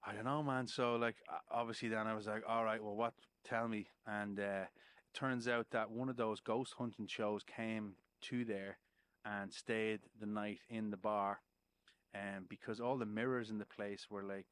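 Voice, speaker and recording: A man's voice: on the low side, fairly even intonation, moderate pace, a bit bright, clear, resonant tone, no echo. A man, a musician guest on a podcast, telling a story in casual chat, swearing freely and checking in with "right?".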